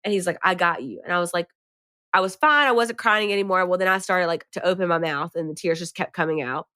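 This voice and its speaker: Woman podcast co-host, animated storyteller, crisp bright tone, dry sound. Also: fairly low pitch, quick pace, no echo. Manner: animated, dramatic retelling with rising emphasis. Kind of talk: casual storytelling chat.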